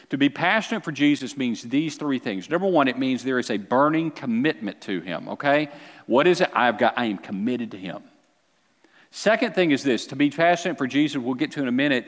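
A man preaching a sermon as a pastor, with animated delivery that climbs to near-shouts and then drops low. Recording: long hall reverb.

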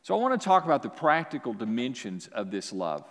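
A man preaching a sermon as pastor, with animated delivery that swings from quiet to loud. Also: medium pitch, brisk, in a large hall.

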